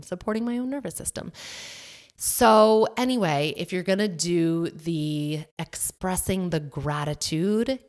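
A young adult woman hosting her own podcast, talking casually and animatedly, with lots of "like" and "you know". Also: low voice. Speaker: podcast host. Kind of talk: casual solo podcast monologue.

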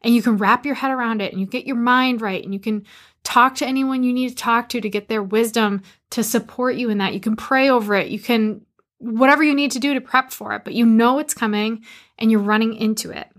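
A woman business coach hosting a solo motivational talk, energetic and emphatic, repeating punchy commands, recorded in her barn studio. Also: a little high, brisk. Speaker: business coach and podcast host.

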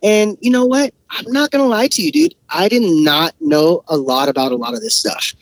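A man guesting on a podcast, telling work stories in a slangy, swearing, animated way. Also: high-pitched, moderate pace, no room sound, low-quality recording. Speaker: podcast guest, shop technician. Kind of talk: casual storytelling.

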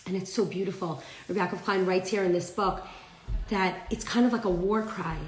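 A woman's voice: mid-range voice, reverberant, low-quality recording. A woman teaching a live-streamed class, telling a story with animation and acting out the characters' lines. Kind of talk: live-streamed class, reading viewer comments.

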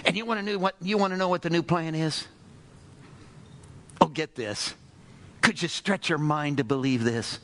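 A man preaching a sermon in an animated, exclamatory way, firing off rhetorical questions and sighing "oh, brother" asides. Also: a little high, normal speed, pauses often.

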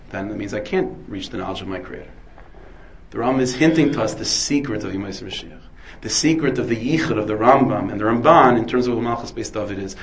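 Rabbi guy lecturing, full of hebrew terms, goes off on tangents, asks himself questions, normal pitch. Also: rough recording. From United States. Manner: digressive, asks and answers his own questions; dense with Hebrew and Yiddish terms. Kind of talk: Torah lecture.

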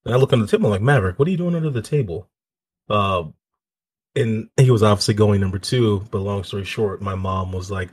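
A man co-hosting a podcast who reacts with laughter and tells his own relaxed family anecdote. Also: fairly low pitch, fast, breathy edge. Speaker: podcast co-host. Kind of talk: casual chat.

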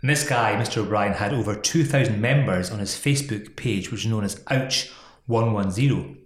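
A man's voice: on the low side, normal speed, roomy sound. A man co-hosting a casual chat about an employment law case, teasing his partner and laughing often. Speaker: podcast co-host.

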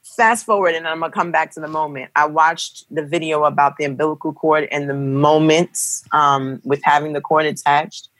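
A young woman casually telling a dramatic personal story, animated and acting out the voices of the people in it. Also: deep voice, moderate pace, few pauses, no room sound. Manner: animated, acts out quoted voices. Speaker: guest telling a birth story.

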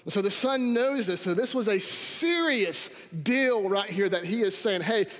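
A man preaching a sermon as pastor, energetic and calling out to his congregation. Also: sits high, unhurried. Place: church sanctuary. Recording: reverberant hall.

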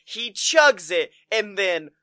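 A man's voice: sits high, slow. A man co-hosting a podcast, casually recapping a movie with crude jokes and frequent laughter. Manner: crude, laughing, animated storytelling. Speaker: podcast co-host. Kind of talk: casual movie review chat.

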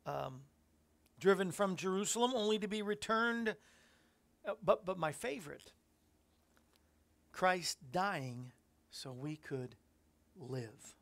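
Male Christian radio host, rough gravelly voice, loose musing scripture commentary. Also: high-pitched, lively intonation, slow, long pauses, a bit bright. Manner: reflective, rambling preaching with fillers.

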